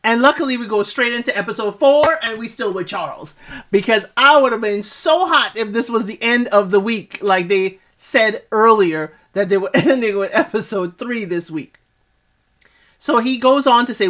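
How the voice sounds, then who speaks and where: A woman's voice: fairly high pitch, normal speed, a bit bright. Sassy woman recapping a dating show. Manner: sassy, talks back to the people on screen; chatty, with frequent asides. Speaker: reality TV recap host. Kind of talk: casual spoken recap and commentary.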